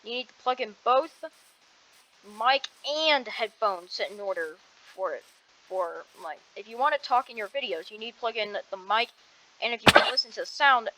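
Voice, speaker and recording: Over a noisy background, a woman with a slightly high voice talks at normal speed while gaming at her home desk. The streamer rambles to herself in casual commentary, trailing off mid-sentence, through a cheap headset mic held away from her mouth.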